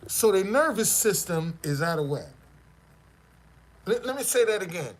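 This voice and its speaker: In a sing-song voice that sits high and moves at a moderate pace, a motivational speaker recounts his personal testimony to an audience. His speech is casual and slangy, with stammering restarts throughout.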